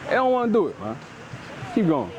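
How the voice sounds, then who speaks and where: A man's voice: high-pitched, a little fast, slight background noise. A man preaching outdoors, explaining scripture in loose street slang and tagging phrases with "man". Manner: lively and emphatic, paraphrases scripture in street speech.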